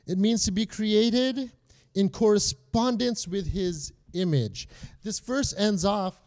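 A man with a notably high voice teaches a Bible lesson in a relaxed, conversational way. He keeps checking in with his listeners as he explains each point. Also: slow. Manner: conversational, often checks in with "okay?".

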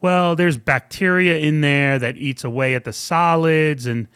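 A man with a slightly raised voice tells an animated story in a relaxed chat and acts out what the people in it said. He laughs often, and the sound is dry and close to the mic. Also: on the high side, measured pace, clear, resonant tone, no room sound. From New York. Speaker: podcast co-host.

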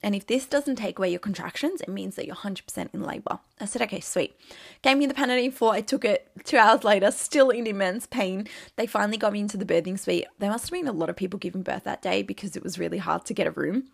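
A young woman tells her own story in a relaxed, chatty way, peppering her talk with "like" and acting out what people said. Her voice has a gravelly fry at the ends of phrases, set at a middle pitch. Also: fast talker. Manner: chatty, candid, lots of "like", acts out quotes. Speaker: new mother telling her birth story. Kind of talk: casual storytelling.

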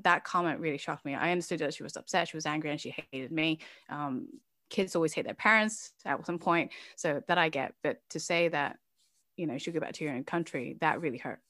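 A woman's voice: sits low, fairly bright tone, no echo, studio quality. A woman, an immigrant mother living in Norway, telling a personal story as an interview guest, emotional and laughing at times, with many fillers.

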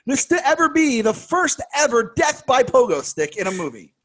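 A man co-hosting a podcast, recapping a horror film in casual chat, animated and sarcastic, laughing as he talks. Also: extremely high pitch, normal speed. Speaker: podcast co-host.

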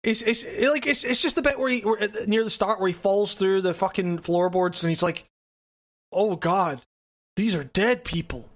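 Halting co-host, stumbling speech. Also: mid-range voice, steady tone, fairly bright tone. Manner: halting, repeats words, swears often. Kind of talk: casual gaming chat.

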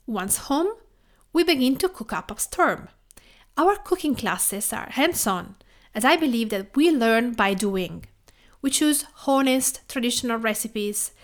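A woman from Tuscany with an Italian accent, reading a scripted podcast introduction in a measured, list-like way. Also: a little high. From Tuscany, Italy. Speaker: podcast host.

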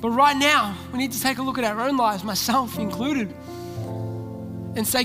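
An Australian pastor with a very high-pitched voice preaches a sermon at a moderate pace, leaving long pauses as he tells a story and voices its characters. He's in a large church hall, and the recording carries a long hall reverb with soft music playing behind him.

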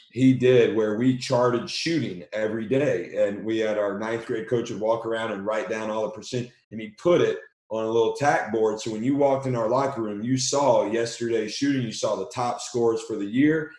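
A man, a basketball coach, talking with excitement as a podcast guest, often repeating himself as he speaks. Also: lowish voice, reverberant. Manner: energetic, talks fast and excitedly, repeats words. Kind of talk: podcast conversation.

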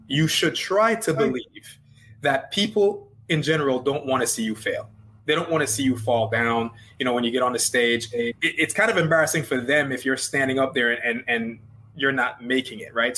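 A man's voice: mid-range voice, a bit bright, slight background noise, poor audio. A man with a Jamaican accent, a business coach talking earnestly and emphatically as a guest in a casual interview, often repeating phrases.

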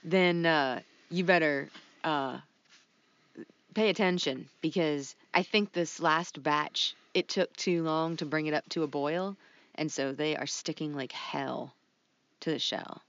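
A woman co-hosting a podcast, talking casually in a plain-spoken, unhurried way. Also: deep voice, fairly even intonation, fairly bright tone, no room sound, highs cut off. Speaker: podcast co-host.

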